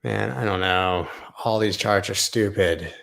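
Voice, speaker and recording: A man's voice: sits low, a little slow, gravelly, fairly bright tone. A man hosting a live crypto charting stream, rambling sarcastically with tangents and the odd swear. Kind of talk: casual live-stream commentary.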